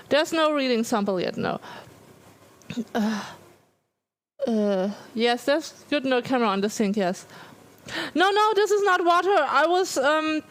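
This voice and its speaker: A high-pitched woman chats slowly on a live stream while her mouth burns, and her words come out slurred and careful. She is in clear pain and can hardly move her tongue. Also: poor audio. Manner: pained, slurred talk from a burning mouth. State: mouth in pain from spicy food. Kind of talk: casual live-stream chat.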